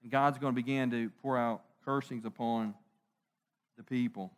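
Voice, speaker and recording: A middle-aged man preaching a conversational sermon, animated, joking and asking rhetorical questions. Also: mid-range voice, moderate pace. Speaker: pastor.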